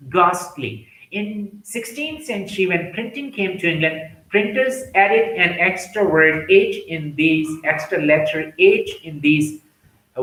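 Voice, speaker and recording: A man teaching English pronunciation, slowly repeating example words one by one. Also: high-pitched, pushed and bright, roomy sound, low-quality recording. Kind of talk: pronunciation lesson.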